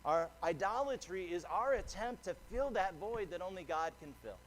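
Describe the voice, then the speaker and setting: A man's voice: sits high, expressive, normal speed, slight background noise. A man preaching a sermon as pastor, earnest and conversational, often restarting a phrase. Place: church sanctuary.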